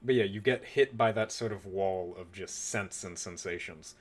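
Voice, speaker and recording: A young man runs a tabletop game as game master. His voice sits on the low side. He narrates loosely, full of fillers and restarts. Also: normal speed, breathy edge. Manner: relaxed, rambling narration with fillers.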